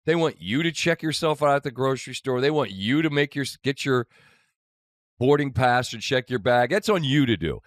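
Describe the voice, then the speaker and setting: Lively wry man ranting on a podcast. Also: mid-range voice, moderate pace, no room sound, clean studio sound. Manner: animated, wry storytelling rant. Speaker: podcast host. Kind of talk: casual podcast chat.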